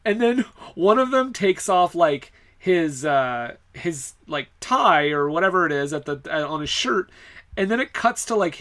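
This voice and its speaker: A man's voice: fairly high pitch, bright, forceful tone. A man co-hosting a podcast, recapping film scenes in casual chat, laughing often and using lots of fillers. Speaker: podcast co-host. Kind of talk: casual movie-review chat.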